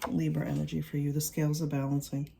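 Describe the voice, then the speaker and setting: A tarot reader giving an excited, reassuring reading to viewers, often repeating lines and tagging them with "all right?". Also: mid-range voice, fast, vocal fry, a little hiss or hum.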